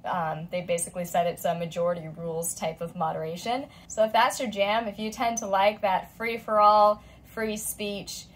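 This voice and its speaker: A woman in her thirties talks casually to camera in a chatty, expressive way. She tells her story with feeling and acts out the lines of the people in it. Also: medium pitch, moderate pace, hardly any pauses, slight background noise, low-quality recording. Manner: chatty and expressive, voicing quoted friends. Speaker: vlogger.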